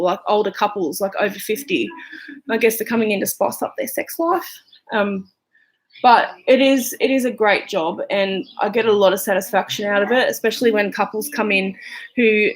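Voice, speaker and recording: A woman's voice: medium pitch, poor audio. A young Australian woman with an Australian accent, chatting casually and rambling through a makeup livestream from home, answering viewers as she goes. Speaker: vlogger and hairdresser. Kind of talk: casual livestream chat while doing makeup. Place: home room.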